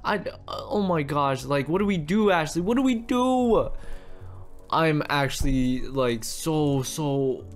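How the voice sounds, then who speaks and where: A man giving excited, jokey commentary while role-playing in a game. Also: on the high side, slow pace, soft background music. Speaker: gaming YouTuber.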